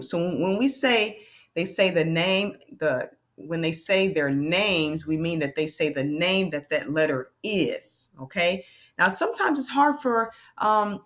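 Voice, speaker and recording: A woman teaches a children's phonics lesson, stretching out each vowel sound slowly. Her voice sits a little low for a woman. She keeps checking in with an encouraging "okay?". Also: fairly bright tone. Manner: slow, drawn-out sounding of letters and vowel sounds.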